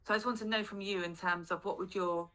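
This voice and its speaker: A woman's voice: mid-range voice, steady tone, quick pace, fairly bright tone. A woman who runs a business, asking a coach for advice on a group call. She answers hesitantly, with fillers and restarts.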